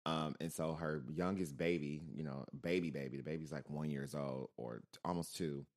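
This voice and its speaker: A man's voice: a bass voice, normal speed. A man in casual conversation, telling family stories and acting out the voices of the people he quotes. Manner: animated storyteller who acts out quoted relatives. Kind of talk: casual chat.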